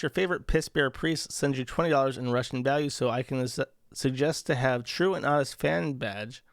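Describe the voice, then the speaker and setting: A man's voice: medium pitch, dry recording. Sarcastic guy reading donos on stream, swears a lot, dry close sound. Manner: crude, profane and sarcastic; reads viewer messages aloud, then riffs on them. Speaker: streamer reading viewer donations. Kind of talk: casual livestream chat.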